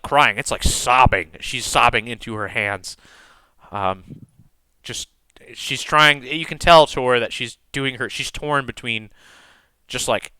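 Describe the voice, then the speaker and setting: A man's voice: medium pitch, sharp tone, dry recording. A man narrating a tabletop game as game master, describing scenes in a rambling way full of fillers.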